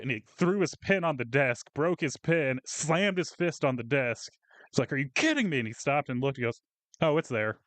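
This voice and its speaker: A man's voice: medium pitch, fairly bright tone, no echo. Guy ranting about coworkers, swears a lot, dry close mic. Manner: profane, ranting storyteller acting out coworkers. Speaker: podcast co-host. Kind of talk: casual venting chat.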